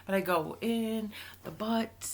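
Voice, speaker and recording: A woman's voice: medium pitch, slow, a little mellow. A woman co-hosting an advice podcast, chatting bluntly and laughing often. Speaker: podcast co-host. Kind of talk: casual frank chat.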